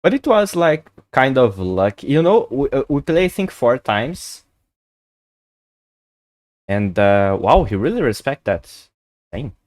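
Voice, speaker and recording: A man chatting casually on a live chess stream, excitable and chatty, swearing and laughing often. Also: mid-range voice, a little slow, long pauses, dry recording, clean studio sound. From Brazil.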